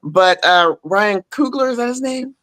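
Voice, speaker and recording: A woman hosts a relaxed chat show, speaking in a mid-range voice. She chats freely, laughs between thoughts and keeps the talk loose. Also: mid-range voice, a little slow. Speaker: host. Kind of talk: casual chat.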